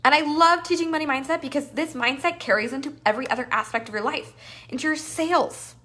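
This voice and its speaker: High bright lady coach, super animated, keeps acting out little inner voices for the crowd. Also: quick pace. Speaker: business coach. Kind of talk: live masterclass teaching.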